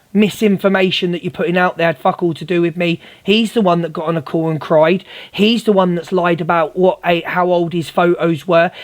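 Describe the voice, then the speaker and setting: A man hosting a livestream, ranting confrontationally at a viewer and repeatedly calling her darling. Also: high-pitched. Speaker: livestream host. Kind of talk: heated livestream rant.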